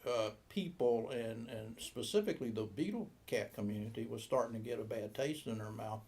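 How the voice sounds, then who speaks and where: Older man in his 70s, gravelly, rambling interview storyteller who voices the other people in his tales. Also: mid-range voice, normal speed, darkish tone. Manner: rambling anecdotal, acts out quoted dialogue. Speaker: boat shop owner.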